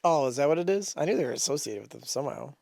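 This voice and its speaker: A young man co-hosting a podcast, chatting loosely and jokingly, quick to laugh, on a close mic. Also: a little high, animated, vocal fry, a little mellow, no echo. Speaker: podcast co-host. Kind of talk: casual chat.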